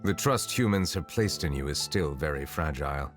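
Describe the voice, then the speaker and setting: An actor playing a grave, dignified male authority in a video game, measured and solemn. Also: extremely low pitch, lively intonation, faint music behind.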